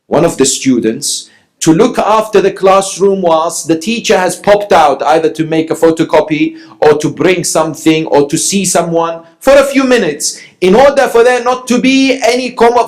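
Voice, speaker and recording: A man from Iran preaching a sermon, telling a story and acting out its dialogue, rising to emphatic peaks. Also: high voice.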